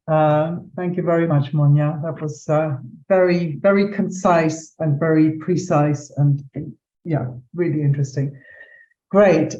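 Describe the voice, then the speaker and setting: Slow-speaking woman chairing a panel. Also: fairly low pitch, warm tone. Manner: slow, appreciative, hesitant with fillers. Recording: dull, roomy video call audio.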